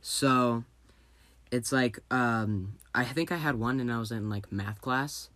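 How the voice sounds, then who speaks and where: A man's voice: medium pitch, takes it slowly, bright, forceful tone, dry recording. A teenage boy with an ordinary mid-range voice rambles through a story, stopping often on "um" and "like". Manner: rambling anecdote with fillers. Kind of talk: casual group chat.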